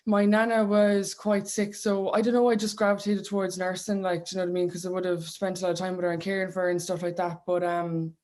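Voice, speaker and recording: A woman's voice: on the low side, little pitch movement, fast talker, few pauses, a little mellow. Young Clare woman, radio guest, chatty and rambly, laughs a lot. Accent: Clare Irish. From Ireland. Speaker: guest singer. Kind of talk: casual radio interview chat.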